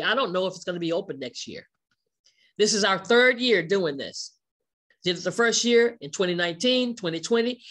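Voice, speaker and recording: A woman delivers a sales pitch at a middle pitch, pressing hard on her points. She fires off one rhetorical question after another and repeats key words to drive them home. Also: a bit bright. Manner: emphatic, asks many rhetorical questions. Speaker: company presenter.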